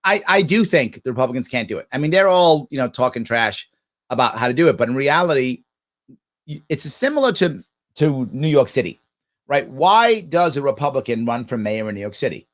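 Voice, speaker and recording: A man's voice: medium pitch, sing-song, fairly quick. A man hosting a livestream, reacting sarcastically to a political speech and answering viewer comments. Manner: sarcastic, talks back at the clip. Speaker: livestream host.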